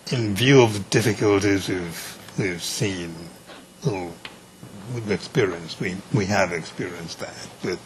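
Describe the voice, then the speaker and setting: A man presiding over a trial, speaking in a measured, deliberate way with pauses and restarts. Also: sits low. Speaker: presiding judge. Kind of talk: courtroom proceedings. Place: courtroom. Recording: courtroom feed with clear background noise.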